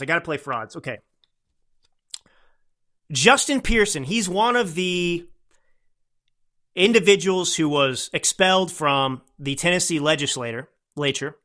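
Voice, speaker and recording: A man's voice: high voice, sharp tone. A man hosting a political podcast, talking in an indignant, scornful and repetitive way. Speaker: podcast host. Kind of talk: political commentary.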